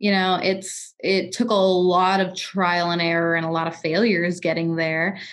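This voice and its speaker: A woman's voice: on the low side, flat delivery, a little slow. A woman in her twenties in casual podcast chat, telling personal stories candidly and often restarting her sentences. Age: 20s.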